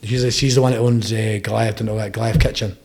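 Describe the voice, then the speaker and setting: Fast-talking Scottish man telling stories. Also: lowish voice, flat delivery, gravelly, darkish tone. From Scotland. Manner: rapid, rambling storytelling with frequent "eh?" tags. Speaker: podcast guest, bare knuckle boxer. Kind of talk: casual interview chat.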